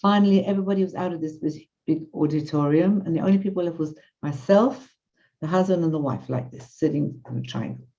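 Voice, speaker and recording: A woman lecturer telling a story in an animated, conversational way and quoting the people in it. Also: sits low, fast. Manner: animated, conversational, quotes others. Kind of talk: storytelling in a class. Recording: muffled lo-fi audio.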